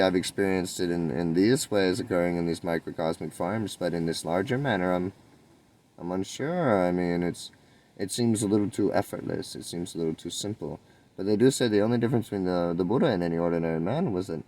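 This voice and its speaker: A spiritual vlogger, a man with a lowish, slightly mellow voice, delivers a rambling, spontaneous monologue that muses and meanders, with sudden lifts in his voice. The audio is poor, with a bit of hiss or hum.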